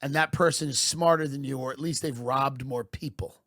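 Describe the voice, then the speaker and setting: A man doing a satirical comic monologue as a podcast host, deadpan and mock-patriotic, sometimes building into loud rants. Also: medium pitch, brisk, no room sound, studio quality.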